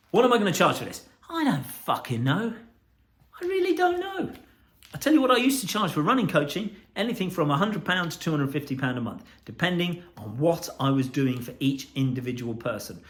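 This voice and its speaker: A man coaching about accountability in a blunt, intense, swearing monologue. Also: sits high. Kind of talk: profane motivational monologue.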